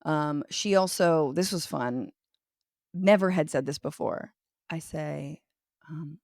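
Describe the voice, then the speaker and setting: A woman comedian and journalist, a podcast guest, telling funny stories in an animated way and swearing freely. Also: low-pitched, slow, no echo, clean studio sound. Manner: animated storytelling, swears freely, acts out quotes. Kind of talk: casual podcast chat.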